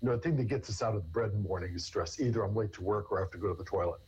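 Racing through his answers, a male therapist guest speaks in a fairly low, somewhat mellow and slightly rough voice. His long, rambling replies keep restarting with repeated words, captured on a dull lo-fi recording.

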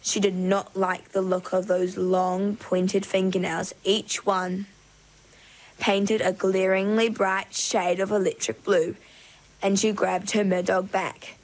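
A woman narrating a storybook in an expressive, measured way. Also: medium pitch, low-quality recording.

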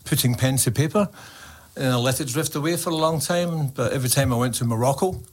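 Glaswegian man, poet guest, mid-pitched, jokey and rambling, Scots words. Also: fast talker. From Scotland. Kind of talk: casual chat and poetry reading.

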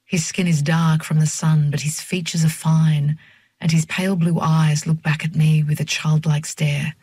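Husky-voiced woman reading a novel. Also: low voice, flat delivery, mellow, no room sound. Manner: measured, reflective reading. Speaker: audiobook narrator. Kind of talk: first-person literary narration.

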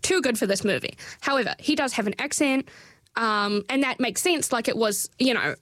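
A woman's voice: fairly high pitch, moderate pace, fairly bright tone, no echo. A woman giving a casual, chatty film review, full of fillers, restarts and wry asides.

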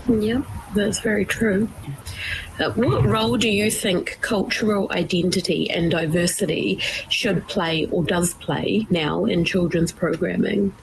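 A woman's voice: medium pitch, steady tone, a little slow, vocal fry, slight background noise, poor audio. A woman interviewing a guest, agreeable and conversational.

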